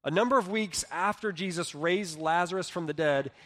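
Earnest preaching man, slightly high voice. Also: big-room sound. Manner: earnest preaching, swings between soft and loud, slows for emphasis. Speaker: pastor. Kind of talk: sermon. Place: church hall.

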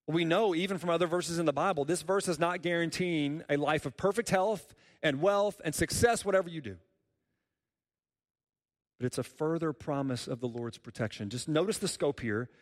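A man's voice: on the high side, long reverb tail. A man preaching a sermon as a pastor, earnest and repeating key phrases for emphasis.

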